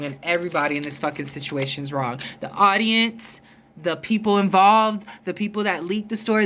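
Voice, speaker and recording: A woman's voice: medium pitch, a bit bright. A woman vlogger ranting in a heated, emphatic way, with frequent swearing. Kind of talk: ranting storytime vlog.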